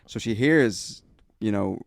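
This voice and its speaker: Gravelly Dublin man rambling casually. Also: on the low side, slow, no echo, studio quality. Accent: Dublin Irish. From Dublin, Ireland. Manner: rambling, profane, full of restarts. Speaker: podcast co-host. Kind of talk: casual chat. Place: garden shed studio.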